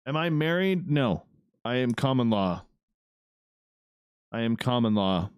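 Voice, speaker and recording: A man's voice: medium pitch, sing-song, unhurried, clean tone, no room sound, clean studio sound. A man hosting an online radio show, chatting loosely with viewers and talking to himself as he works. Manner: loose, rambling, talks to himself while working. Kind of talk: casual chat reading live viewer comments.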